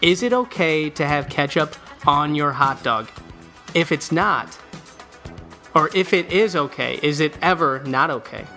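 Bright-voiced man chatting sports. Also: a little high, animated, a little slow, soft background music. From American Midwest. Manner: rambling, self-correcting, chuckles often. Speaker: podcast co-host. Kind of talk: casual sports chat.

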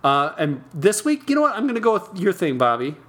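A middle-aged man co-hosting a casual sports and beer podcast, animated and jokey, prone to mocking outbursts. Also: high-pitched, brisk. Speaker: podcast co-host.

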